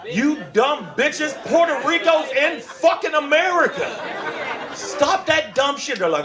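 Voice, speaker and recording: A man's voice: very high-pitched, lively intonation, unhurried. A man doing a stand-up comedy set on a club stage, brash and profane, slipping into mocking voices. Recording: live club with loud crowd laughter.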